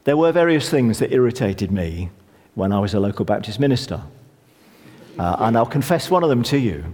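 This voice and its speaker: A middle-aged man preaching a sermon in a conversational, lively way with touches of self-deprecating humour. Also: medium pitch, brisk. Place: church hall. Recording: long church reverb.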